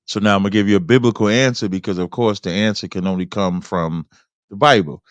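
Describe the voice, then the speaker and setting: A man hosting a debate who reads scripture aloud in a preacherly way, slowing down for the verses. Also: lowish voice, steady tone, clear, resonant tone, no echo, highs cut off. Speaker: host.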